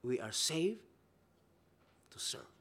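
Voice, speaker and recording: Animated high-voiced male preacher. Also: slow, breathy edge. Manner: emphatic, rhetorical questions, swings between loud and soft. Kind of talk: sermon.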